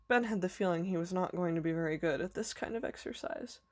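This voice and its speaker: A woman teacher reading a children's novel aloud in a clear, even storytelling manner. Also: fairly low pitch, fast.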